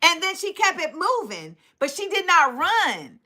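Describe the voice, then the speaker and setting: A middle-aged woman hosting a livestream, telling stories in an animated, dramatic way and acting out quotes. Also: extremely high pitch, unhurried. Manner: animated, dramatic retelling with acted-out quotes and laughter. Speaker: livestream host. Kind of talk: casual storytelling to a live chat.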